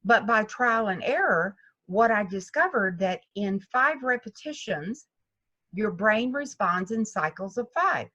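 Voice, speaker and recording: Animated woman golf instructor. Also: mid-range voice, measured pace, dull audio. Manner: animated storytelling, acts out students' voices. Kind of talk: interview conversation.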